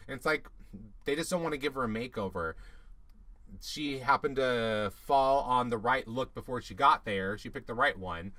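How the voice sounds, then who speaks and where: A man co-hosting a casual recap show, chatty and snarky, breaking into quick mocking asides. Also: medium pitch, sharp tone, no room sound. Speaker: podcast co-host.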